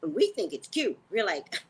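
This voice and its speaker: A woman hosting a casual livestream, talking to her viewers in a blunt, profane, animated way. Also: medium pitch, normal speed, slightly rough, rough recording. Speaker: psychic reader and livestream host.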